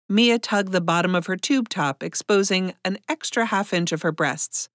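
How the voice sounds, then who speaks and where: A woman narrating an audiobook in a measured, expressive way. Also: medium pitch, no room sound, clean studio sound.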